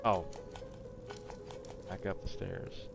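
A man's voice: sits low, flat delivery, very slow, creaky, loud music behind the voice. A man streaming a retro game live, chatting with viewers, joking and muttering his moves under his breath. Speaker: gaming streamer. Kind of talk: live gameplay commentary.

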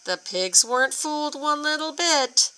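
A woman reads a picture book aloud to young children and stops to ask them questions. Her delivery is unhurried, with pitch that swoops up and down. Her tone is very bright. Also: poor audio. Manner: expressive, asks children questions. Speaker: storyteller for children.

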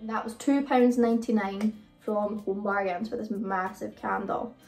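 A woman's voice: mid-range voice, steady tone, a little slow, a little mellow. A British woman chatting casually through a haul video, rambling with frequent ums. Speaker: vlogger. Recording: voice a bit far from the mic, faint music.

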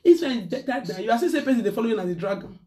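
A woman's voice: on the high side, expressive, rapid-fire, mellow, distant mic. Ranting Nigerian woman live-streaming. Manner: talkative, ranting, mixing pidgin into English. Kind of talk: casual live-stream rant.

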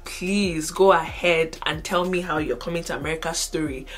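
A young woman with a Nigerian accent tells a personal story straight to camera. She has a fairly low voice and is animated, dropping to a hush and then growing loud again. Soft music plays faintly behind her. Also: normal speed. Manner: animated, switches between hushed and loud. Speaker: vlogger.

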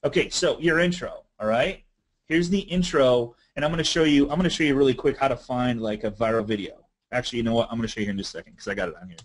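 A man presenting a marketing webinar in a casual, energetic, conversational way. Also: medium pitch, fast talker, low-quality recording. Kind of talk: casual instructional webinar talk.

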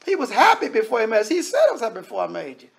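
A man's voice: very high voice, sing-song, rapid-fire, gravelly. A man preaching a sermon in a conversational way, often acting out the voices of the people he quotes.

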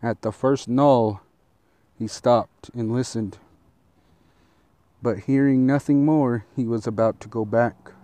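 A man reading a fable aloud as a storyteller, steady and deliberate, with a few small restarts. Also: medium pitch, no room sound.

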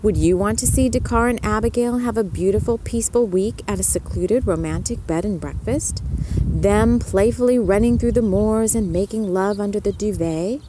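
A woman narrating an ASMR story slowly and gently, speaking directly to the listener. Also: mid-range voice, noisy background. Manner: slow, gentle, addresses the listener.

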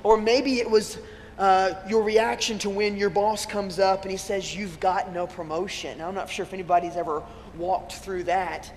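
A man with a high voice preaches from the front of a church, and his words ring out with a long hall reverb. He keeps it conversational, spinning stories with self-deprecating humor. A faint hum of room noise sits underneath. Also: little pitch movement, normal speed. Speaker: pastor. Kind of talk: sermon. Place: church sanctuary.

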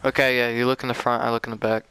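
A young man chatting casually with a teammate while playing, excitable and saying "dude" a lot. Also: medium pitch, very fast, slight background noise. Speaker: gamer. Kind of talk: casual gameplay chat with a teammate.

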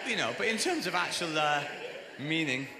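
A British man with a fairly high voice does stand-up into a handheld mic, rambling and cutting himself off with dry asides. The sound rolls around a large echoing theatre, and crowd noise is clear underneath. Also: lively intonation, moderate pace. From Britain. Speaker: stand-up comedian. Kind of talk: live stand-up set. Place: large theatre stage at a comedy gala. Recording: echoey theatre hall, audience noise.

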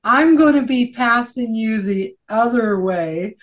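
A woman's voice: on the high side, animated, poor audio. A middle-aged woman chatting casually, telling stories and laughing often. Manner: slow, laughing, anecdotal. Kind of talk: casual chat.

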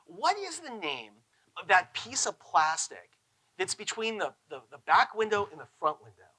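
A man's voice: high voice, very animated, normal speed, bright, forceful tone, breathy edge, exaggerated voice, low-quality recording. A man voicing a curious five-year-old girl who keeps asking questions inside a story he is telling on stage. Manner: insistent, questioning.

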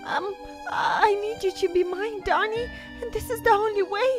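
A woman's voice: very high-pitched, normal speed, faint music behind. A woman doing an obsessive, possessive young stalker. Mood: desperate pleading. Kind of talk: Minecraft role-play voice acting.

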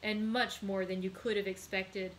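A woman reading aloud, voicing a frail, gentle elderly father in a slow, soft manner. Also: medium pitch, level tone, a little hiss or hum, close to an everyday voice, low-quality recording. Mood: weak.

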